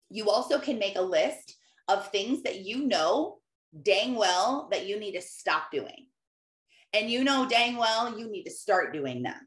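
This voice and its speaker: A woman's voice: mid-range voice, a bit bright. A woman Christian life coach giving an emphatic, conversational motivational talk, often repeating phrases. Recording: roomy echo.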